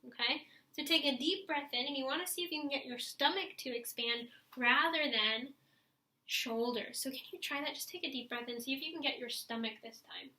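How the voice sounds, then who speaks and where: A young woman teaching saxophone students to stretch and breathe, guiding them step by step and showing sighs and deep breaths herself. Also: fairly quick, bright, forceful tone, echoey room. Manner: encouraging, demonstrates breaths and sighs. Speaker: music teacher. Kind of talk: instructional video for young students.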